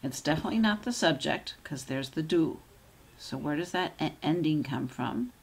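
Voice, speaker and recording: A woman's voice: deep voice, expressive, creaky, a little hiss or hum. A woman teaching German grammar, patiently walking through example sentences and checking in with "okay?". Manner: slows down to model German sentences.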